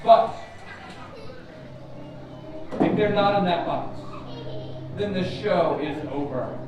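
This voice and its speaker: A man with a high voice speaks slowly over a noisy background, performing a children's magic act at a live orchard show. He's playful, chants, and feigns surprise, recorded from afar with echo, music, and crowd noise.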